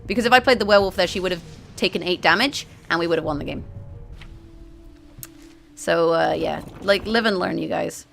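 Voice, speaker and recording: A woman talks through a card game match for her viewers, explaining each move and catching her own slips as she goes. Her voice sits lowish and has a gravelly, fried edge. Soft game music plays quietly behind her. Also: brisk, long pauses. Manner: often corrects herself mid-sentence. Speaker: gaming video host.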